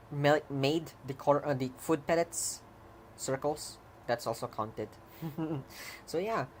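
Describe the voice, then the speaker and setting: A programmer casually walking through their own code, rambling, correcting themself, laughing often and breaking into excited cheers. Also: mid-range voice, slight background noise. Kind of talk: casual coding stream commentary.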